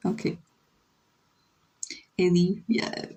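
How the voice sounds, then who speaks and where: Young woman streamer, husky tone, unhurried teasing banter while she draws. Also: mid-range voice, steady tone, low-quality recording. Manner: rambling, teasing, switching into Spanish. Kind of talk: casual livestream chat while drawing.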